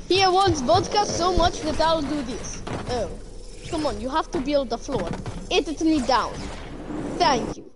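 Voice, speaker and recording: A woman streams a game, chatting playfully and teasing her friends in a sing-song way amid noisy game stream audio. Her voice is high-pitched and expressive, unhurried, with long pauses.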